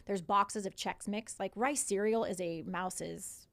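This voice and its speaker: A woman in her forties recounts events as a podcast guest in a casual, animated way. Her voice carries a gravelly fry at a middle pitch. She often slips into quoting others and swears freely. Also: a little slow. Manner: animated retelling with quoted dialogue and swearing. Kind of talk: casual storytelling in conversation.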